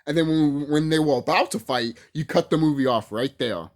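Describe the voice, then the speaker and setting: A YouTube movie commentator rants casually to the camera in a fairly high-pitched voice at a normal speed. He swears freely, laughs often, and repeats himself for emphasis.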